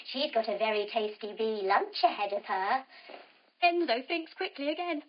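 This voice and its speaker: A young woman leads a children's yoga story with a high, lively voice that leaps up and down as she encourages her listeners. She sounds playful and warm-hearted in her delivery, and the recording is a little dull and lo-fi. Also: moderate pace. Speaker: kids yoga instructor and storyteller.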